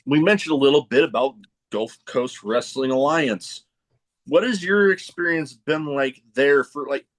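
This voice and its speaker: A man hosting a podcast, asking long, rambling questions with many restarts. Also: medium pitch. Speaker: podcast host. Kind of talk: interview questions.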